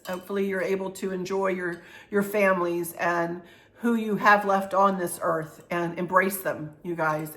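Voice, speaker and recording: This channel host is a middle-aged woman with a fairly bright, mid-range voice. She chats warmly and loosely on her vlog, wandering off track and often using fillers or starting her sentences over.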